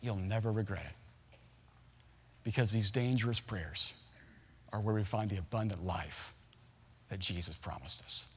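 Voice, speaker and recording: Animated pastor in his forties, hall echo. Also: on the low side, moderate pace, pauses often, breathy edge. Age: 40s. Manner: animated storyteller, acts out voices of his family. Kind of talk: sermon with storytelling. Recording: long hall reverb.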